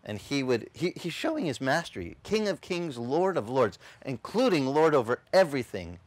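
Male pastor, lively preacher who performs the dialogue, dry close sound. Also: mid-range voice, normal speed, no echo. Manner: animated, acts out voices and shouts in quotes. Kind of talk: lively sermon.

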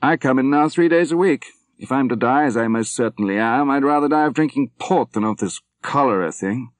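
A man doing a booming old general. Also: brisk, dry recording, close to an everyday voice. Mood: jovial. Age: older. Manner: booming, cheerful, emphatic. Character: elderly retired general, hearty and jovial.

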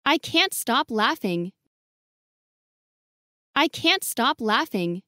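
High, lively woman reading slowly. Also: no echo, studio quality. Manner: clear, careful enunciation, each phrase said twice. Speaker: English model reader. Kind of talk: slow repeated phrase reading for learners.

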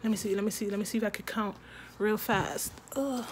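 A woman unboxing a gift box in a vlog, gushing and excitable, often repeating her words. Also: medium pitch, a little fast, a little hiss or hum. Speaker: product reviewer.

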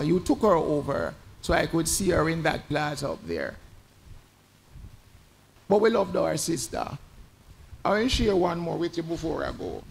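Gravelly man telling a eulogy. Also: on the high side, slight background noise. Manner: conversational, animated in the anecdotes. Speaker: tribute speaker at a funeral. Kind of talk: storytelling eulogy. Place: church.

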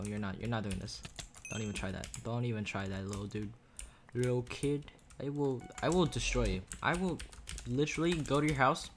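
A man's voice: mid-range voice, slight background noise. A man giving casual, rambling commentary over his own gameplay, joking and trash-talking the other players, recorded on a desk microphone. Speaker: gaming YouTuber. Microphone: USB desk microphone. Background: faint keyboard and mouse clicks.

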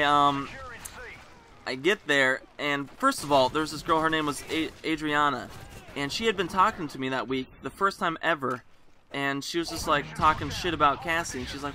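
A man's voice: on the high side, background noise. A young man telling a story in a rambling, chatty vlog style, swearing freely as he goes. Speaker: vlogger. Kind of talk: casual storytelling.

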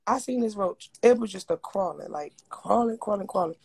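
A woman's voice: mid-range voice, brisk, creaky, husky. A woman telling a long, profane story in casual chat, repeating words for effect. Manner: animated, profane, repetitive storytelling. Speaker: storyteller on a livestream.

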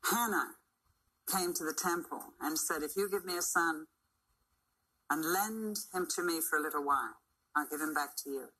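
Older lady preaching, husky bright voice, lots of emphatic swoops and punchy lines. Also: moderate pace, poor audio. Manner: emphatic, dramatic swings in pitch and loudness. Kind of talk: sermon.

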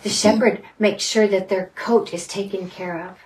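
A woman's voice: medium pitch, steady tone, normal speed, a little mellow. A woman teaching a Bible study group in a conversational style, earnest and dwelling on single words. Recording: distant mic, faint background noise.

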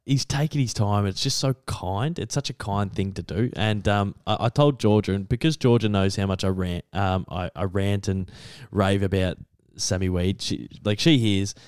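A man's voice: fairly low pitch, normal speed, smooth, no room sound, studio quality. Eager young Australian man telling a story. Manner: excitable storyteller, many fillers and restarts. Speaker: podcast co-host. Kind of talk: casual podcast chat.

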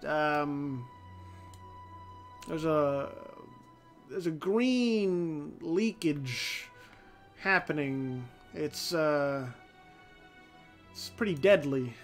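A strategy game channel host speaks very slowly in a fairly high voice, pausing often during a relaxed let's-play. Soft music plays faintly behind him while he thinks aloud, swears regularly, and stumbles through his sentences.

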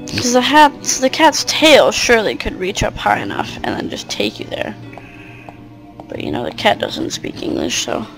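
A woman's voice: medium pitch, wildly swooping pitch, moderate pace, gravelly, music in the background, low-quality recording. A woman giving casual let's play commentary, chatty with muttered asides and mild swearing. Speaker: game player.

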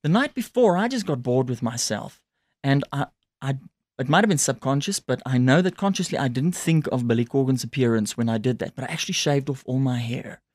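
A man's voice: mid-range voice, expressive, fairly quick, darkish tone, dry recording. A man, a musician guest telling stories in casual interview chat and switching between languages.

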